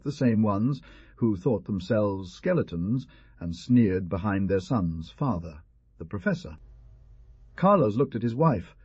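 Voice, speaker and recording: A man narrating a storybook audiobook in a measured, even reading. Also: on the low side, husky, dry recording. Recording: dull, dry lo-fi recording.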